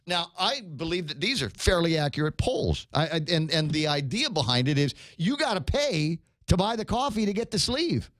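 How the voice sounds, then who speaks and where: A man's voice: on the high side, very animated, normal speed, hardly any pauses, fairly bright tone, no echo. A man hosting a morning radio show, chatting casually, laughing often and stammering over repeated words. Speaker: radio host.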